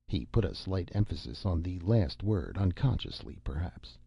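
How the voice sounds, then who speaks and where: A man narrating an audiobook in a measured, steady reading style. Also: low-pitched, gravelly, slightly rough, no room sound. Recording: dull lo-fi recording.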